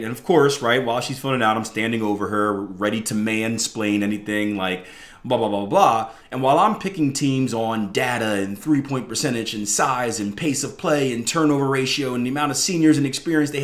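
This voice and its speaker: A man hosts a trading podcast in a casual monologue, animated and chatty, tossing in "right?" again and again. His voice sits at an ordinary middle pitch. The sound carries a roomy echo. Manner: animated storyteller, keeps tagging "right?". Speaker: trading coach podcast host.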